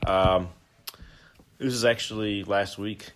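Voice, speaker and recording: Man, lowish voice, easygoing podcast host, loose rambling storyteller. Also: slow. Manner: relaxed rambling storyteller, explains game rules. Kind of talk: casual chat, storytelling.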